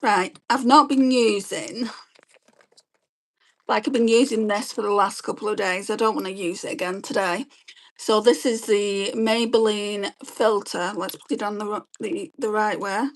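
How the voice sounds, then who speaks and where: A woman, chatting quickly and rambling as she does her makeup and reads viewer comments on a beauty livestream. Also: mid-range voice, fairly even intonation. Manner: fast-talking, chatty, rambling. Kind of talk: casual chat while doing makeup and reading live comments.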